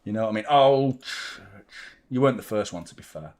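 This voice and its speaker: In a lowish, darkish, animated voice that moves fairly quickly, a young adult man hosts a football watchalong in casual live-stream chat. He rambles, swears freely, and reads viewer comments aloud while sounding drained.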